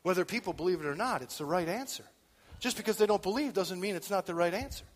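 A man preaching a sermon in church, swinging from quiet talk to loud shouting. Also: high voice, expressive, fast, big-room sound. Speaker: pastor.

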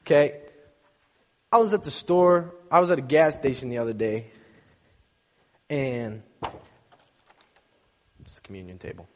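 Joking young preacher in a reverberant hall. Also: male voice, mid-range voice, unhurried, long pauses, a little mellow. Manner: casual, joking storyteller acting out little scenes. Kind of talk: informal sermon.

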